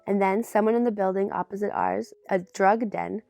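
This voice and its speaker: A young woman reading a memoir aloud in a steady narrating voice, now and then dropping in a casual aside. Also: medium pitch, moderate pace, gravelly, dry recording, faint music behind. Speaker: reader of a memoir.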